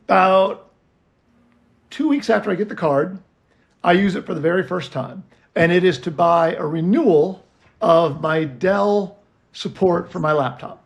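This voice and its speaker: Male co-host, high gravelly voice, animated storyteller. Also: a little slow. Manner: animated, acts out both sides of phone calls. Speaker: podcast co-host. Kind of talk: casual storytelling chat.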